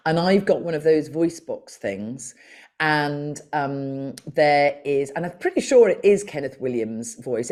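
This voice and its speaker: A woman guest in a casual podcast interview, chatty and playful, pausing now and then to think. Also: low voice, a little mellow. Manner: playful and chatty, with thoughtful pauses. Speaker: podcast guest, author and broadcaster.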